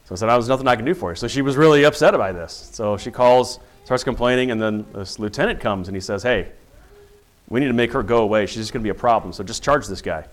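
A middle-aged man recounts his days on the police force as an earnest testimony. His voice sits at an ordinary middle pitch, and he slips into the voices of the people in his story as he tells it. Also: fast talker. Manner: earnest storytelling, acting out quoted dialogue. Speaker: police officer. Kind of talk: personal testimony with faith reflection.

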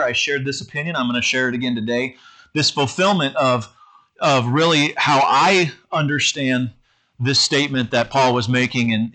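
A man's voice: medium pitch, sharp tone. A middle-aged man preaching a conversational sermon to his congregation, often stumbling and repeating words as he goes. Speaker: pastor.

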